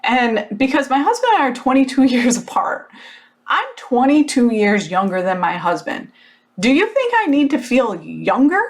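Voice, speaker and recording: A podcast host, a woman in her thirties, tells a personal story in a casual motivational monologue. She's animated and frank, speaking high-pitched at a moderate pace, with plenty of fillers and the odd swear word.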